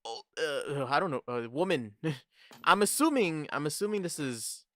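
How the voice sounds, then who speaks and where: A man's voice: on the high side, lively intonation, moderate pace, a bit bright, dry recording, studio quality. A man streaming a game playthrough, reading the dialogue aloud and cracking crude jokes in casual commentary.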